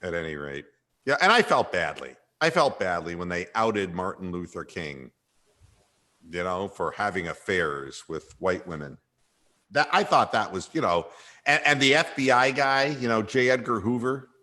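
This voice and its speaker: A man's voice: low voice, very animated, moderate pace, pushed and bright. A man hosting a comedic sports talk radio show, sardonic and irreverent, with frequent sighs.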